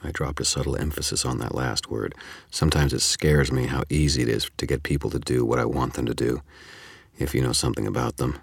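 A man narrating a first-person audiobook chapter in a measured, steady way. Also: a bass voice, gravelly, slightly rough, no room sound, studio quality.

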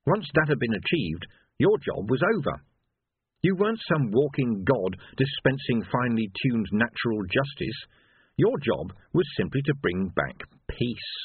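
Husky male narrator on a thin line. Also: mid-range voice, very animated, no echo. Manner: wry, measured storytelling. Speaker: audiobook narrator. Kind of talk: scripted narration. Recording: dry phone-like lo-fi sound.

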